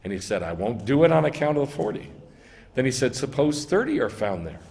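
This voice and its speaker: Rabbi preaching in a reverberant hall. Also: male voice, mid-range voice, sing-song, fairly quick, creaky, darkish tone. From United States. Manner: reads scripture aloud and argues its meaning, rising emphasis on key lines. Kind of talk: sermon with scripture reading. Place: synagogue sanctuary.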